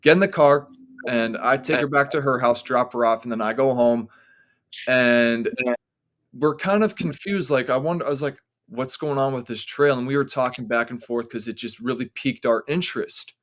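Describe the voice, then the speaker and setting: Rambling man telling a story, mid-pitched. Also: moderate pace, a bit bright. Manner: rambling, heavy use of "like" fillers. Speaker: podcast guest. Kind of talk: casual storytelling.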